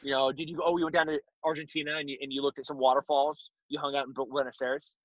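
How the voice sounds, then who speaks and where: A man's voice: mid-range voice, flat delivery, quick pace, fairly bright tone, dry recording. Man, blunt guest, mocking asides, dry close sound, dull lo-fi recording. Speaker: guest, self-defense instructor. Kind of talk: casual interview talk.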